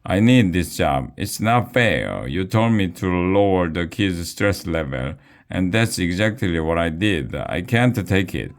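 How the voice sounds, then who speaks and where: A man voicing a frantic, easily upset female teacher, shouting and wailing in a storybook read-aloud. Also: deep voice, sing-song, measured pace, full character voice. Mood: distraught.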